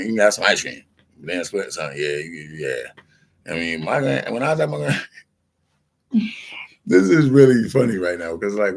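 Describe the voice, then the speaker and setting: A man's voice: sits low, vocal fry, husky. A middle-aged man telling a loose, profane, meandering story in a casual chat, acting out the people he quotes. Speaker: vlogger.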